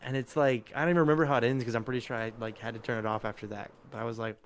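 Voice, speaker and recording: A man's voice: medium pitch, steady tone, very fast, hardly any pauses. A man hosting a live stream, chatting casually while gaming, rambling with lots of fillers and laughter.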